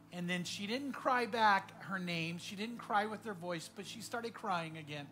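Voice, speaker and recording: A man preaching a sermon as pastor, telling a story earnestly and often dropping to a hushed voice. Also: sits high, normal speed, soft background music.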